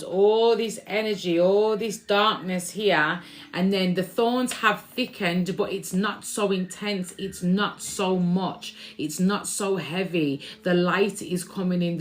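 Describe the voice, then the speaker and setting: Chatty woman reading oracle cards. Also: medium pitch. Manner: chatty, repeats lines she hears from spirit. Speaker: spiritual card reader. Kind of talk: casual intuitive card reading.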